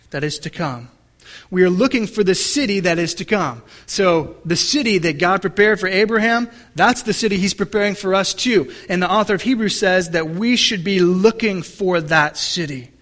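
A man preaching a sermon, reading scripture aloud and asking the congregation questions, shifting between slow, stressed phrases and quick asides. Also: sits high. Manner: asks the congregation questions, varies pace and loudness. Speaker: pastor.

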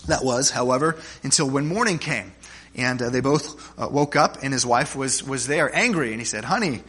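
A man's voice: medium pitch, moderate pace, a bit bright, slightly rough. A man preaching a sermon to his congregation, conversational and joking, often checking in with "right?" and restarting his phrases. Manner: humorous stories, frequent restarts. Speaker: pastor.

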